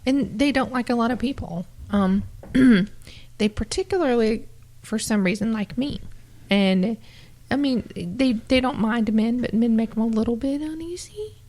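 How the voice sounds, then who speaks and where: A woman's voice: on the high side, moderate pace, darkish tone. A woman co-hosting a paranormal radio show, chatting casually with frequent giggles and plenty of enthusiasm. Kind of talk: casual banter.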